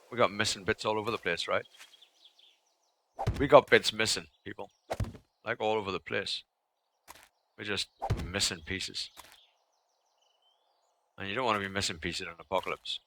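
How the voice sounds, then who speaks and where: Chatty, bright-voiced male game streamer. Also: lowish voice, steady tone, normal speed, pauses often, a little hiss or hum. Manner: chatty, swears, scolds the game and thanks chat. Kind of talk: live gameplay commentary.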